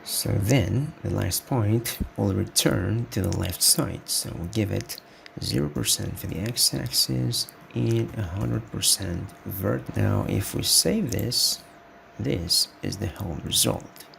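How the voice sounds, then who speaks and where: Slow, gravelly-voiced man explaining code. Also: on the low side, fairly bright tone, slight background noise. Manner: unhurried, halting explanation with restarts. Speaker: web development tutor. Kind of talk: screencast coding tutorial.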